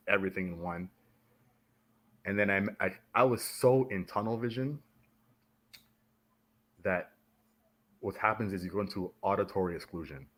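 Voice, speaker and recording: Man, deep voice, from Canada, military veteran, animated storyteller, podcast guest. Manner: animated, acts out the voices of others in his stories. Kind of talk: casual storytelling in a podcast interview.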